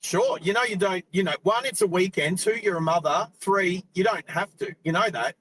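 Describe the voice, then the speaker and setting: A talkative Australian man in middle age, his voice sitting high as he rambles along. He hosts a live stream while driving and chats loosely, laughing often. Faint car noise hums behind him. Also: moderate pace, fairly bright tone, poor audio. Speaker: host. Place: inside a car.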